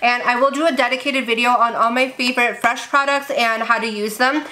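High, bright, excitable woman vlogger. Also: brisk. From India. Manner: gushing, excitable, gasps often. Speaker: beauty vlogger. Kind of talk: casual unboxing chat.

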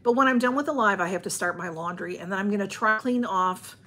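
Husky-voiced chatty woman. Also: medium pitch, quick pace, pushed and bright. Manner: rambling, chatty, greets viewers and reads comments aloud. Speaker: livestream host. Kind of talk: casual livestream chat. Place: at home.

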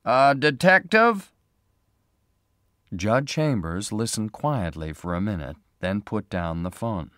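Slow, expressive male storyteller. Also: low voice, no echo, clean studio sound. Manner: slow, clear, expressive reading. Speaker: narrator. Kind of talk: graded reader story narration.

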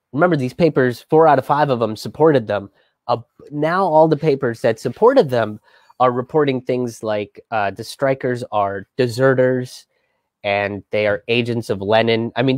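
A man's voice: mid-range voice, dry recording. A man hosting a live history show, telling the story casually with many fillers, restarts and acted-out quotes. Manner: loose, chatty, many fillers and restarts, swears, acts out quotes. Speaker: host of a history and politics show.

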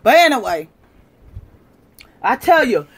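A woman hosting a livestream, lecturing and challenging viewers in a combative way, moving from shouting to quiet muttering. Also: fairly high pitch, big pitch swings, takes it slowly, slight background noise. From United States. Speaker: livestream host. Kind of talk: live-stream rant to viewers.

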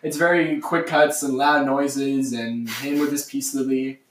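A man's voice: mid-range voice, flat delivery. Man talking casually in an echoey room. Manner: halting, filler-heavy. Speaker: podcast host. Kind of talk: casual chat. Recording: echoey room, distant mic, faint noise.

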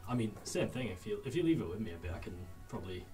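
Game master, male, animated and rambling, recorded from a distance over clear music. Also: fairly low pitch, racing. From England. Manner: loose, filler-heavy narration, laughs easily. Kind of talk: narrating and voicing characters in a tabletop game. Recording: distant mic with background music.

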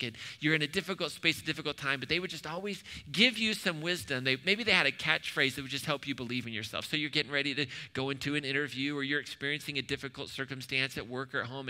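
A man's voice: mid-range voice, pushed and bright, long reverb tail. A man preaching a sermon at a church in a conversational way, asking the room questions and adding joking asides. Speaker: pastor. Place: church hall.

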